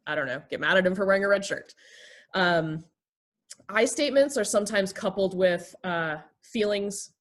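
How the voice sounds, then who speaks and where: A woman therapist and pastor teaches the basics of calm communication. She acts out short everyday exchanges to show her points. Her voice sits fairly low. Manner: explains with acted everyday examples.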